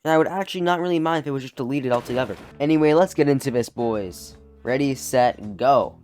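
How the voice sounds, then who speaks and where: A man giving casual video-game commentary in an animated, exaggerated complaining manner. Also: mid-range voice, fairly quick, soft background music. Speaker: gaming YouTuber.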